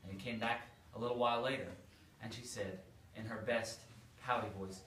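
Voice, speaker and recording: A man, a priest, telling a story to children in a playful, animated way. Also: medium pitch, fairly quick. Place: church hall. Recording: echoey room, far from mic, faint noise.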